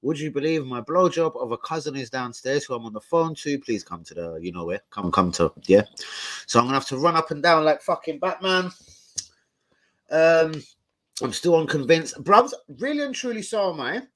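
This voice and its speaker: Slangy lad on a live stream. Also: male voice, on the high side, animated, normal speed, fairly bright tone. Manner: swearing, slangy, rambling. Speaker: football fan streamer. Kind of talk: casual live stream chat.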